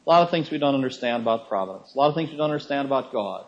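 A man's voice: medium pitch, expressive, rapid-fire. A man in his fifties preaching a sermon in a conversational teaching manner, repeating key phrases for emphasis. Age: 50s. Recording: dull lo-fi recording.

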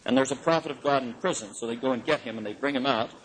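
A man giving a lecture on the Bible in an animated way, chuckling often and swinging his pitch for emphasis. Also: fast talker, a little hiss or hum, poor audio. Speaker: Bible teacher.

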